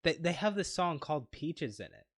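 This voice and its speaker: This man's slightly high, slightly bright voice has a sing-song lilt and a moderate pace. He co-hosts a casual film podcast in a playful, meandering way, frequently interrupting himself and starting over, captured on a lavalier microphone.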